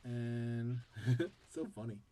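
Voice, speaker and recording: A man's voice: medium pitch, drawn-out words, dark tone. A man hosting a casual game commentary show, chatting in a rambling way and jumping between tangents and play-by-play. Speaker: game caster and show host.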